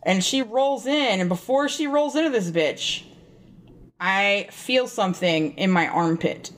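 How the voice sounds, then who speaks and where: A woman's voice: medium pitch, lively intonation, measured pace. A woman co-hosting a podcast, telling a rambling, profane story in casual chat. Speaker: podcast co-host.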